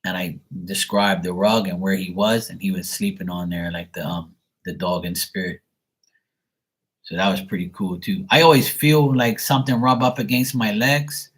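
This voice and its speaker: Low husky-voiced man rambling casually. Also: steady tone, normal speed, fairly bright tone, poor audio. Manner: rambling storyteller, swears freely. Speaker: psychic tarot reader. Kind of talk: casual livestream chat. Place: at home.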